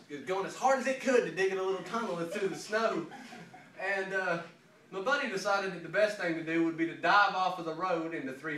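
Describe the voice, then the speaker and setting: A man with a bright, forceful voice spins a funny story in easy conversation and laughs as he goes. He sits some way from the microphone in an echoey room with faint noise behind him. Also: a little high, distant mic. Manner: animated, laughing anecdote teller. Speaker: interviewee. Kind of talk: casual storytelling.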